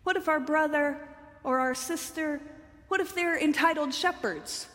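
Female preacher, slightly high voice, slow measured sermon, long church reverb. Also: a bit bright. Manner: deliberate, rhetorical questioning.

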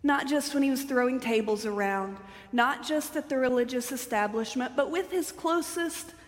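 A woman preaching a sermon in a church, speaking deliberately and asking a run of rhetorical questions. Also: high voice. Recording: long hall reverb.

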